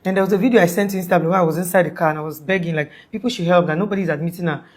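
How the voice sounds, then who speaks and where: A young woman, a guest in an interview, casually tells the story of an emergency. She rambles, restarts often, and says "like" constantly. Her voice is lowish and darkish in tone, and she races along.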